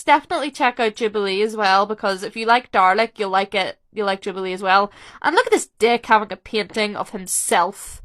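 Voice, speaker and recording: A young woman vlogger reacting to a rewatch in casual, chatty commentary. She is excitable and opinionated, and her sentences restart and interrupt themselves. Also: medium pitch. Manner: excitable, talks fast with restarts and self-interruptions; opinionated, emotional fan.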